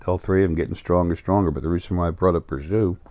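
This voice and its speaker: A middle-aged man with a New York accent rambles through a casual spiritual monologue, stopping often on fillers and restarting his sentences. His voice sits very low. The sound is dry and close. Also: steady tone, quick pace, mellow, no room sound. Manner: meandering, many fillers and restarts. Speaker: spiritual video host.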